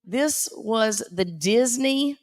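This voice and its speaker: Southern lady hyping up raffle winners, teasing and lively, higher pitch, dry mic. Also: extremely slow, dry recording. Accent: Southern American. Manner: sassy, teasing, animated. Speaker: auction emcee. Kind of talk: live event emcee announcing winners.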